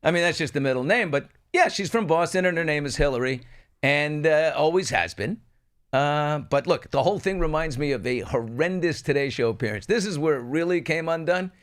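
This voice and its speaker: Animated, playful male talk host. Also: on the high side, a little fast, smooth. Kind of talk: casual talk show chat.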